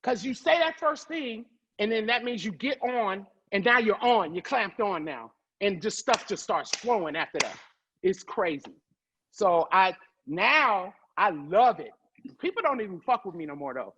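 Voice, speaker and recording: A woman comedian telling stories as a guest, loud and profane, quick to laugh. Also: mid-range voice, lively intonation, noisy background. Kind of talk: animated storytelling.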